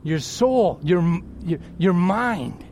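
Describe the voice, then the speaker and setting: Speaking extremely slowly in a high voice, this middle-aged pastor delivers a sermon that swings from excited shouting down to a hushed, close tone. Slight background noise can be heard.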